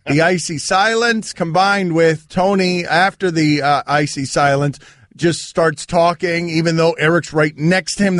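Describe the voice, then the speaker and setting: Animated man hosting sports radio. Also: sits high, dry recording, clean studio sound.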